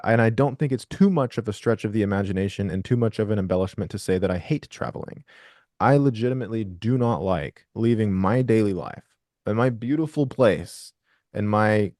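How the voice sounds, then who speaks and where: A man with a low, mellow voice hosts a group video call. He talks in a loose, rambling way, swears freely and restarts his sentences often. The sound is close and dry. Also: no echo. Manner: rambling, profane, frequent restarts. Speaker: host of a trading group call.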